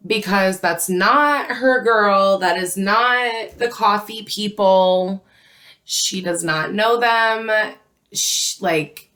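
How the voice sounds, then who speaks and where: A young woman with a mid-range, fairly bright voice tells a casual storytime vlog about her job. She's chatty and unhurried, filling her speech with lots of "like."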